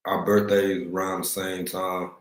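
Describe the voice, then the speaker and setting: Low-voiced texas guy chatting on his livestream, slangy and easygoing, roomy echo. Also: flat delivery, unhurried. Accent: Texan. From East Texas. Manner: laid-back, greets chat viewers, slangy. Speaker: livestream host. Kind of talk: casual livestream chat. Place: room at home, in Africa.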